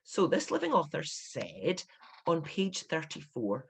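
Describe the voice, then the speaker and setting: A Scottish woman in her fifties, an author giving an instructive talk to writers, emphatic and animated, with bursts of indignation. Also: deep voice, a little slow, gravelly, slightly rough. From Scotland. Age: 50s.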